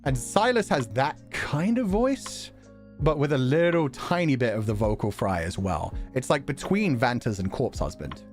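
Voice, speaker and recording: Chatty male streamer with a lively voice. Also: mid-range voice, moderate pace, soft background music. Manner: chatty, laughs often, reacts to chat and videos. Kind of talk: casual stream chat.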